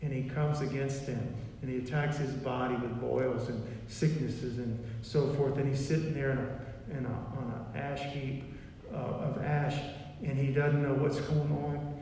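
A man's voice: mid-range voice, little pitch movement, a little slow, warm tone, slight background noise. A man preaching a sermon in a repetitive, emphatic way, recorded in a church. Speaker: pastor. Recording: echoey hall from far off.

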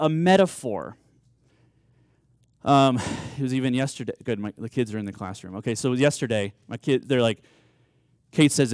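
A man's voice: on the high side, a little mellow, no room sound. Earnest, conversational male pastor, dry sound. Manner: conversational, earnest, with frequent restarts and repeated words. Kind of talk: sermon.

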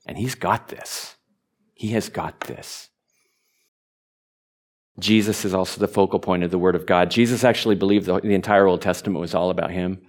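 A man preaching a sermon, animated, stumbling over repeated words and rising to emphatic peaks. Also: low voice, normal speed, long pauses. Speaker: pastor.

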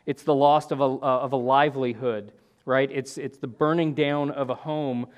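Male preacher, mid-pitched voice, earnest teaching sermon with conversational restarts. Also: steady tone, normal speed. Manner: earnest, with rhetorical "right?" and frequent restarts. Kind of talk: expository sermon.

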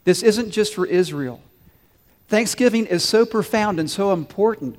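A man with a high, light voice preaches to his congregation with earnest warmth of purpose. His words ring out in a large sanctuary with a long, lingering reverb. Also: normal speed. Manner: earnest, leads the congregation in call-and-response. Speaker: pastor. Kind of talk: sermon.

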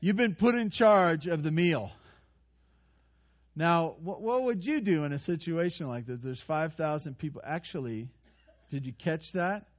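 A man preaching a sermon in a conversational, animated way, with playful asides and frequent restarts. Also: on the high side, a little slow, highs cut off. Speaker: pastor.

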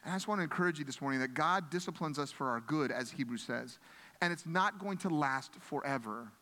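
A male pastor delivers a sermon in an earnest, conversational voice, often circling back and restarting his phrases. His voice sits a little high for a man. The sound carries a long reverb, as in a large hall. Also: a little fast, sharp tone.

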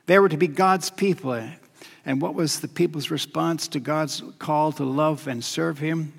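A male preacher giving a sermon, measured and repetitive, often dropping to a quiet, weighty emphasis. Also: fairly high pitch, steady tone, vocal fry, breathy edge. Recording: long hall reverb.

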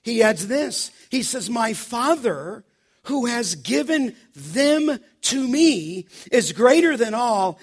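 A male pastor preaching with a high, ringing voice. He leans hard on key phrases and slows down to stress them, delivering the sermon with steady conviction.

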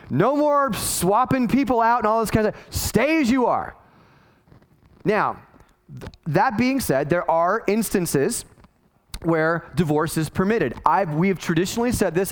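High-voiced pastor preaching conversationally. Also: male voice. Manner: conversational preaching with many restarts and acted quotes. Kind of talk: sermon.

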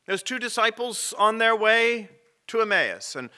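A man preaching a sermon as rector, telling stories with dramatic pauses. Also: high voice, very animated, sharp tone.

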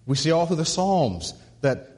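A male pastor preaching a sermon, repeating words as he builds to a point and dropping low and soft on key phrases. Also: big pitch swings, measured pace. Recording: husky voice with long hall reverb.

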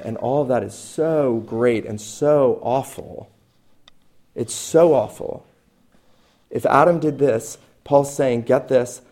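A middle-aged man preaching a sermon as pastor, emphatic, swinging between loud stresses and quiet asides. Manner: emphatic, rising to loud stresses and then dropping low.

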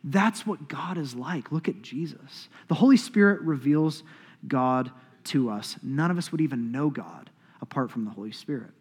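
A middle-aged man preaching a sermon, emphatic, swinging between loud declarations and hushed asides. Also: mid-range voice, animated, moderate pace, husky. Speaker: pastor. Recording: long hall reverb.

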